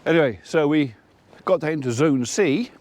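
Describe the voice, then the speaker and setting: Against a noisy background, a farmer vlogger with a fairly high, lively-sounding voice speaks at normal speed. He chats casually to camera, spinning a rambling anecdote about his day that includes quoted dialogue.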